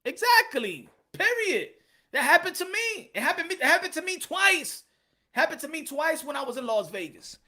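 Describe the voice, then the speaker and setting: A man hosts his own boxing channel live, talking loosely and animatedly. His tone is bright and forward. He loops back over phrases and calls out names from the chat. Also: very high-pitched, moderate pace. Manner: animated, repetitive, slangy, reads chat aloud. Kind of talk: casual livestream chat.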